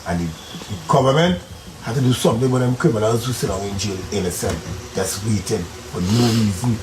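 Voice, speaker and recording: A man's voice: on the low side, a little fast, roomy sound, background noise. A man being interviewed on the street, giving earnest, preachy advice.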